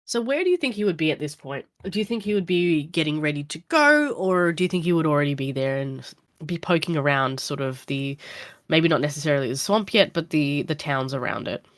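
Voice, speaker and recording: Low-voiced woman game master. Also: animated, fairly quick, no echo. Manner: casual, rambling with fillers. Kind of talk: narrating a tabletop game.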